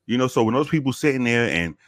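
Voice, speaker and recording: A man's voice: medium pitch, fast, dry recording. A man, a former police officer, telling a story in a laid-back, casual way, cursing freely and acting out what people said. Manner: laid-back, profane, animated when quoting people.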